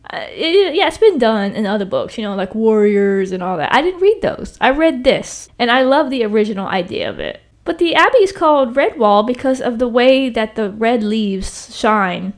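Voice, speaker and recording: A young woman chatting about a book in a rambling, tangent-filled way, often turning to the viewer with little asides. Her voice sits a little high and swings up and down expressively as she talks. She records from a small bedroom. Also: expressive, moderate pace, hardly any pauses. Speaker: book channel host. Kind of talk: casual book talk to camera.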